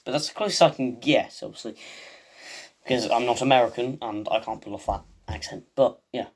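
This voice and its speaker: A man's voice: medium pitch, a little fast, a little hiss or hum. A man hosting a video, giving a rambling, casual recap of a TV episode full of "um" and "like". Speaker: video host.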